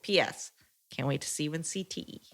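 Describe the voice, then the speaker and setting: A woman's voice: low-pitched, fairly quick, vocal fry. A woman co-hosting a podcast, reading listener letters aloud and chiming in with short agreements. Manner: reads letters evenly, short agreeing replies.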